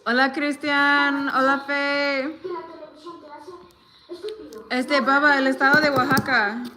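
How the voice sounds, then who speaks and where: An American livestreaming vlogger in her thirties chats casually with viewers, greeting them and switching between English and Spanish. Her voice sits high and she speaks slowly, relaxed but hesitant with fillers while she crafts. There is background noise.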